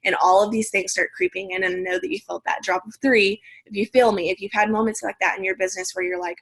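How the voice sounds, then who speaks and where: A young woman leading her team on a video call, speaking in a direct, energetic pep-talk manner. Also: medium pitch, fast talker, hardly any pauses, husky. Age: young adult. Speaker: team leader.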